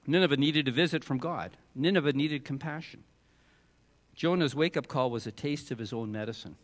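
A man preaching a sermon, acting out the voices of the figures in the story with animated delivery. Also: medium pitch, moderate pace. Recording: reverberant hall.

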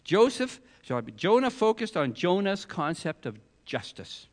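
A man preaching a sermon, acting out the voices of the figures in the story with animated delivery. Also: sits high, a little slow, hardly any pauses. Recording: reverberant hall.

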